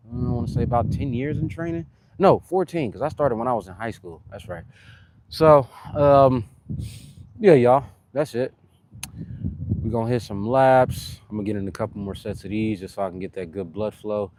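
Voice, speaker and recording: A young man from California with a Californian accent, chatting in slang during a live-stream workout and giving shout-outs to viewers, a little short of breath between sets. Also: mid-range voice, normal speed, background noise. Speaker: fitness streamer.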